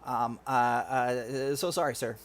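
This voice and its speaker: A man voicing a nervous, stammering low-rank sergeant who keeps apologizing. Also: fairly even intonation, takes it slowly, a little hiss or hum, natural voice. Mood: flustered.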